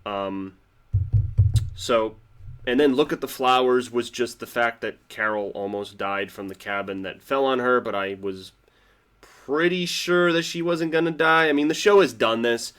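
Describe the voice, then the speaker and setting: A man giving a casual reaction review of a TV episode, rambling with lots of "like" fillers and restarts, swinging between excited and quiet. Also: medium pitch, unhurried, clean tone. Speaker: TV show reviewer.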